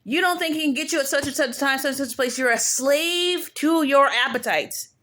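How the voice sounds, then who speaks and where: A woman with a fairly high voice rants in casual commentary. She is emphatic and slangy and hammers her points by saying them twice. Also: moderate pace, a bit bright. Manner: emphatic and slangy, repeats phrases for effect. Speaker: prophetess hosting her own channel.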